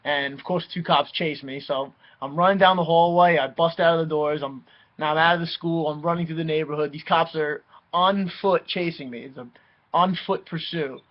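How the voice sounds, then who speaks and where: A young man tells a wild personal story in a casual, animated way, cursing freely and slipping into voices for the people he quotes. His voice sits a bit high for a man. The recording sounds dull and lo-fi. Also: normal speed.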